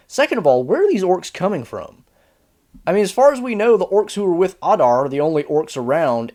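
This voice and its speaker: Exasperated man ranting through a review. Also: medium pitch. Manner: animated, exasperated, sarcastic asides. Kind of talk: casual video review.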